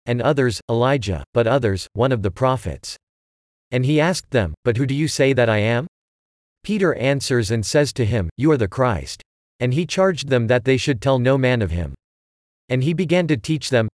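A man giving a measured scripture reading, phrase by phrase. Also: mid-range voice, a little mellow, no echo, studio quality. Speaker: scripture reader.

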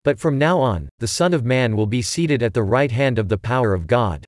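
A man voicing a calm, solemn grown male teacher in a plain, even reading. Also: medium pitch, normal speed, dry recording, studio quality, natural voice.

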